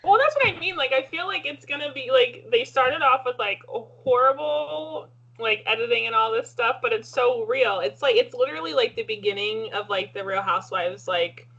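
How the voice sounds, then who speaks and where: Woman, co-host, husky voice, rambling and excitable, dull lo-fi sound. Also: fairly high pitch, moderate pace. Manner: rambling, many "like" fillers, excitable. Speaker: podcast co-host. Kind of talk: casual chat about reality TV.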